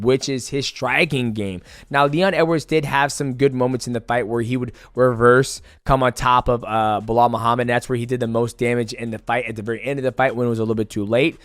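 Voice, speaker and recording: A man's voice: mid-range voice, dry recording. A man in his thirties giving a casual, profane fight breakdown and acting out the moves as he explains. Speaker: fight analyst.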